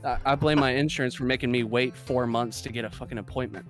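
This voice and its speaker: A man chatting casually as a tabletop game player, blunt and quick to swear. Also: medium pitch, fairly bright tone, soft background music. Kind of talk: casual chat.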